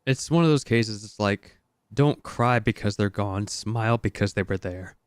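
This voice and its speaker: A man at a tabletop game who is crying and swearing, talking in a halting way out of character. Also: on the low side, clear, resonant tone, dry recording, studio quality. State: tearful. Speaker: player. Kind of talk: casual chat.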